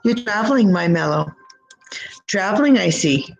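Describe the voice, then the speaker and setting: A woman giving live psychic tarot readings from home, gushing and affectionate with drawn-out words, speaking into a computer mic. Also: mid-range voice, lively intonation, creaky, lo-fi sound, soft background music. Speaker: psychic reader.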